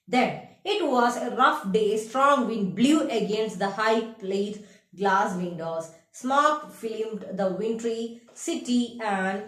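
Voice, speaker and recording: A woman's voice: on the high side, takes it slowly, roomy sound. A young woman teacher with an Indian English accent, reading a story aloud to a class and stopping to explain the meaning of each word. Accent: Indian English, from Kerala. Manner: reads lines aloud, then paraphrases and defines words. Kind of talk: explaining a literature text to a class.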